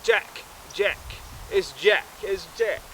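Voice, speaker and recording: A man voicing an awkward man greeting someone on the phone, loud and fumbling. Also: high voice, huge pitch swings, slow pace, slight background noise, voice pushed up, heavily acted.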